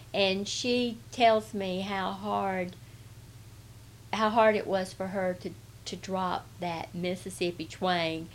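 A woman's voice: mid-range voice, slight background noise. Rambling Southern woman from Atlanta. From Atlanta, Georgia. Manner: rambling, hesitant, many restarts. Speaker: interviewee. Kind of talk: casual oral-history interview.

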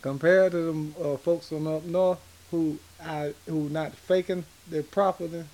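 A man from Atlanta with a Southern accent, telling stories in an interview in a halting, rambling way full of fillers. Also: fairly high pitch, steady tone, darkish tone, poor audio. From Atlanta, Georgia. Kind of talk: casual storytelling in an interview.

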